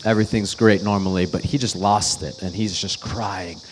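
A man's voice: fairly low pitch, fairly even intonation, normal speed, few pauses, a little hiss or hum. A man in his thirties, a pastor, delivering a sermon as an earnest, conversational story.

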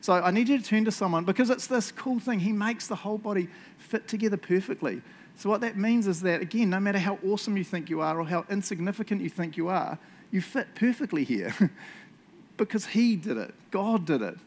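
A man's voice: high-pitched, animated, brisk. A man preaching a casual, jokey sermon as lead pastor, laughing often and tagging his lines with "eh?" and "right?". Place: church hall. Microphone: handheld microphone.

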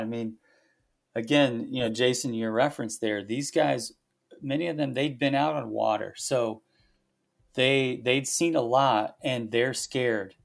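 A man hosting a devotional podcast, talking through a Bible passage in a reflective, halting way with many fillers. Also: medium pitch, fairly even intonation, creaky. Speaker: pastor and podcast host. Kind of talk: conversational devotional podcast talk.

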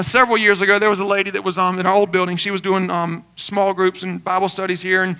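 High, bright-voiced man preaching. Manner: earnest and conversational, repeating words as he goes. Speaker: pastor. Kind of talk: sermon.

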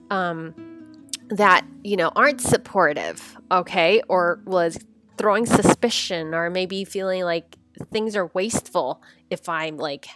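A woman's voice: mid-range voice, a bit bright. A woman hosting a devotional podcast, retelling a scripture story with emotion, laughing and tearing up as she talks. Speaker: podcast host.

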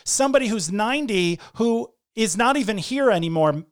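A woman's voice: a little high, animated, moderate pace. Woman, middle-aged, casual chat, earnest, candid, frequent restarts.

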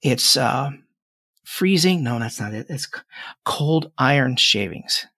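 A man's voice: mid-range voice, lively intonation, slow pace, bright, forceful tone, husky, no room sound, heavily acted. An earnest, nervous ten-year-old boy, as a game master puts him on, solemn and chatty, who stumbles over his words. His voice sounds plain and dry. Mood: hesitant. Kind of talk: tabletop game character voice.

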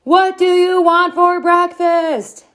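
A woman voicing a tired mother who shouts to be heard over the TV. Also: very high-pitched, level tone, slow, pitched above the performer's own voice, exaggerated voice. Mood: shouting. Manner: raised, shouting voice.

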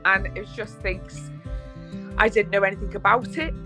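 A woman with a Scouse accent, a podcast guest chatting casually and telling lively stories, swearing freely. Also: medium pitch, normal speed, over music. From England. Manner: lively storyteller, swears freely, laughs often.

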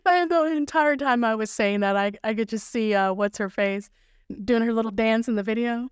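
In a solo motivational podcast, the host speaks in a fairly high female voice with a clean tone and moderate pace. Her style is playful and upbeat, coaching and encouraging her listeners directly while having fun with corny jokes. The sound is clean studio quality with no echo.

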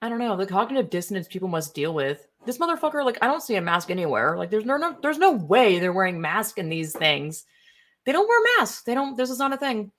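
A young political commentary streamer rants casually while browsing posts, her medium-pitched, sing-song voice racing along fast with few pauses. She rambles, indignant and profane, leaning heavily on fillers.

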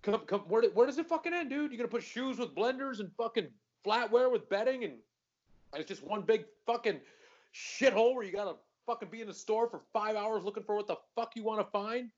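A man's voice: high voice, brisk, dull audio. A man co-hosting a podcast, ranting in casual chat with lots of swearing. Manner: profane, ranting, worked up. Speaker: podcast co-host.

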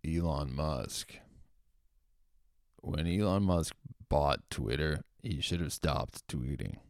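A man's voice: extremely low pitch, slow pace, dry recording, studio quality. A man delivering a sarcastic, opinionated commentary monologue with mocking, profane asides. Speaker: political commentator.

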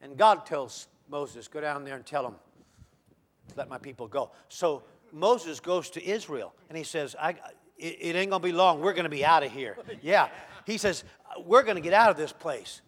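A high-voiced man delivering a sermon. He swings from hushed, measured lines to loud, shouted peaks. He acts out the voices of the figures he quotes. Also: animated. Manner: dramatic, swinging from soft to shouting. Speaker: preacher.

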